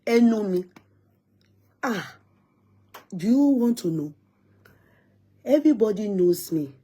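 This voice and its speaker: A young woman with a Nigerian accent tells a family story in easy, casual vlog talk. Her voice is husky and a little breathy. She laughs often and slides between English and Yoruba. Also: mid-range voice, expressive, slow pace, dark tone. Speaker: vlogger.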